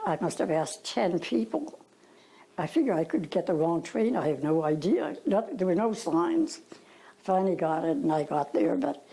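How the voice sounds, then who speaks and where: A woman's voice: on the low side, creaky, dark tone, breathy edge, rough recording. An older woman with an Irish accent, telling stories from her past in a rambling, hesitant way with fillers and asides. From Ireland. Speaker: interviewee. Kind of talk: reminiscing storytelling.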